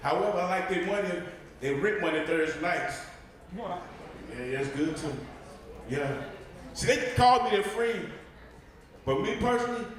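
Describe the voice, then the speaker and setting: A male comedian doing a stand-up set with brash, boastful punchlines. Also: sits high. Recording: echoey club mic with crowd.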